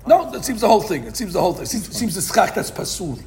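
A man with a high voice races through a daily Talmud class, reading the Aramaic and explaining it in English while posing questions and answering them himself in an animated way. Crowd noise can be heard in this podcast recording of the live class.

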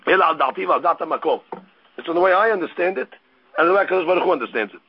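A man giving a Talmud study lecture, reading Aramaic lines and explaining them in English with animated storytelling and frequent restarts. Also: on the high side, rapid-fire, slightly rough, lo-fi sound. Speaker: Talmud teacher.

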